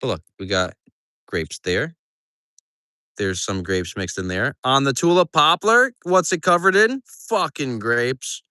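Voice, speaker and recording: Farmer dude on a livestream doing chores outside, cussing and joking, voice jumps all over, dry close sound. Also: male voice, mid-range voice, lively intonation, unhurried, pushed and bright, smooth, dry recording. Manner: profane, joking and rambling. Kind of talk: casual livestream chat while doing farm chores. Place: outdoors on a farm.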